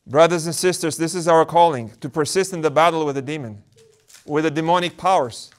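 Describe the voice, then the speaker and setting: A man's voice: a little high, brisk. A man, an Orthodox priest, delivering a sermon and often repeating words as he works through a thought.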